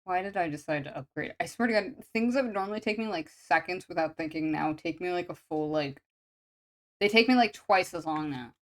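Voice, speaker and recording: A woman's voice: lowish voice, a little fast. A woman artist chatting casually while drawing on stream, rambling and self-deprecating. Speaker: artist streaming sketch commissions.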